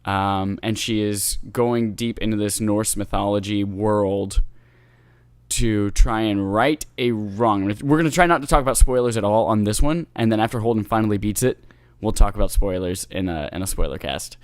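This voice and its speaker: A man's voice: on the low side, moderate pace, smooth, no room sound. A man co-hosting a casual gaming podcast, talking enthusiastically and teasing his co-host.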